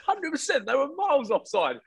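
A man's voice: very high-pitched, vocal fry, a bit bright, poor audio. A man co-hosting a casual chat, jokey, swearing now and then and drawing on his own playing days. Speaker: co-host.

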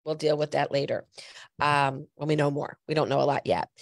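Stuffy woman host w a cold, gravelly low voice, chatty storytelling. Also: fairly even intonation, a little fast, no room sound. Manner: chatty storyteller, direct appeals to listeners. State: has a cold, a little stuffy. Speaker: podcast host. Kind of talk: conversational podcast talk.

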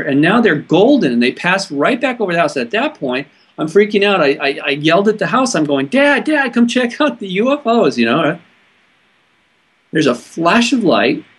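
Husky-voiced man telling an earnest story. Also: on the high side, a bit bright. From California, US. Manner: earnest, halting, with frequent restarts. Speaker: interview guest. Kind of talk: personal storytelling in conversation.

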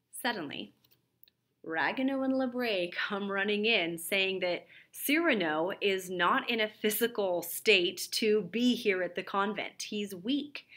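A woman's voice: mid-range voice, a bit bright. A woman teacher summarizing a play for a literature lesson, retelling it in a conversational way with fillers.

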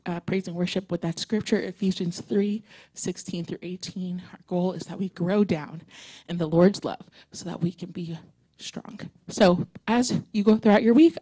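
A woman leading worship at a church service, giving chatty, excitable announcements and a closing prayer. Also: mid-range voice, husky, no room sound, rough recording.

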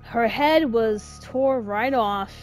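A woman's voice: a little high, takes it slowly, soft background music, low-quality recording. A woman streamer giving chatty, reactive let's-play commentary and swearing casually as she plays. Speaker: gameplay streamer.

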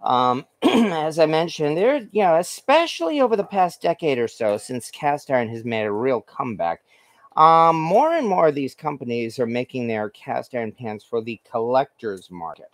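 A man's voice: medium pitch, very animated, moderate pace, no room sound. A man hosting a home cooking stream, talking casually and rambling with lots of fillers and restarts while he cooks at his stove and reads viewer comments. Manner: rambling, filler-heavy, self-correcting. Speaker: cooking show host.

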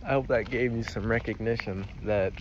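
In this rambling walk-and-talk vlog, a young man with a fairly low voice speaks at a moderate pace and fairly even intonation. Talking to camera outdoors, he is confessional, self-deprecating, and swears often, while loud ambient noise muffles the recording.

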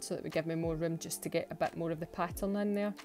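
A Scottish woman talks through her nail work in a relaxed home voice-over, with a lower voice than most women. She pokes fun at herself and breaks into giggles often. Soft music plays faintly underneath. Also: fast talker. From Scotland. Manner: chatty and self-mocking, laughs often, says "wee". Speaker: nail art vlogger. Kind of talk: casual voice-over narration.

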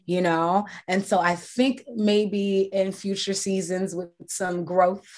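A woman's voice: medium pitch, fairly even intonation, slow pace. A woman interviewed as an actress, talking casually and reflectively with frequent fillers. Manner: chatty, reflective, many fillers.

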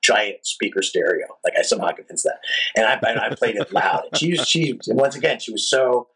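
Husky-voiced man telling a story. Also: mid-range voice, a little fast, low-quality recording. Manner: animated, profane, rambling anecdotes. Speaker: rock singer, guest. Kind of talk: casual storytelling interview.

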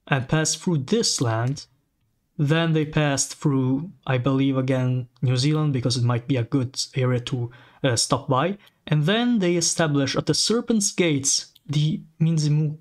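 A man who is a native Italian speaker, hosting a channel and casually commenting on a map while reading its lore aloud, rambling, correcting himself and sounding amused. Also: a little high. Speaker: channel host.

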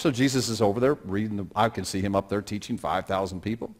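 A middle-aged male pastor preaching a sermon, talking plainly and then swelling into loud, drawn-out emphasis on scripture verses. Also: fairly low pitch. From Pacific Northwest of the United States.

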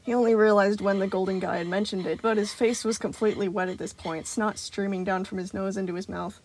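A woman narrating a piece of fan fiction aloud. Her voice sits at an ordinary middle pitch. She reads at an even pace with expressive phrasing. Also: brisk. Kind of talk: storytelling narration.

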